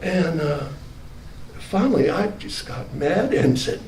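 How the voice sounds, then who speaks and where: A man's voice: on the high side, animated, takes it slowly, darkish tone. A man telling the story of his own near-death experience, often quoting himself with rising anger. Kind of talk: personal storytelling in an archival clip. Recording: roomy, distant, faintly noisy clip.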